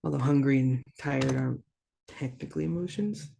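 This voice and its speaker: A language teacher giving a casual online lesson, repeating each word slowly and carefully and dropping in relaxed asides between examples. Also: mid-range voice, vocal fry, a little hiss or hum. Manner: slow, careful repetition of words with casual asides.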